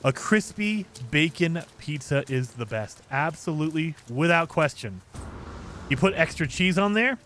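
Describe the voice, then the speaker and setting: A man chats casually on a game stream and answers viewer comments as he goes. His voice sits fairly high and swings a lot in pitch. A faint background hum runs under him. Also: animated, unhurried, fairly bright tone. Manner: chatty, reacts to viewer comments, frequent fillers. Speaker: gaming streamer. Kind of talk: casual chat with live chat.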